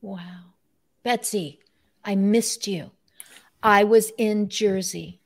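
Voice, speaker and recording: A woman's voice: medium pitch, fairly even intonation, slow, creaky. A woman hosting an online talk show over a video call, effusive and emotional. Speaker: host.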